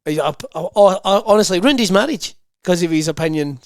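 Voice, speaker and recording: A man's voice: sits high, expressive, dry recording, clean studio sound. A man co-hosting a podcast, chatting casually with lots of laughs and swearing. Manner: laughing, swearing, quick banter. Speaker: podcast co-host. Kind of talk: casual chat.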